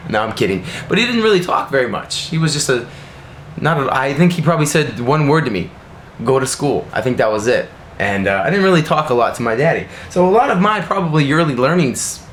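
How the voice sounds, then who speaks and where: A man's voice: mid-range voice, slight background noise. A man teaching in a casual, frank way, often tagging his sentences with "right?". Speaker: Japanese teacher answering a viewer question. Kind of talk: casual video lesson. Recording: roomy echo, faint ambience.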